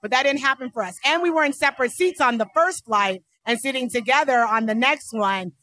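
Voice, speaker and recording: A woman co-hosting a podcast, telling a story in animated casual chat and acting out the quotes. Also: high voice, fairly quick. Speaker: podcast co-host.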